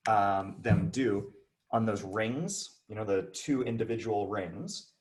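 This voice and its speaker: A man's voice: lowish voice, unhurried, a little mellow, slightly rough. A man teaching a casual online physics lesson, chatty and demonstrating with his body as he explains. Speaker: high school physics teacher.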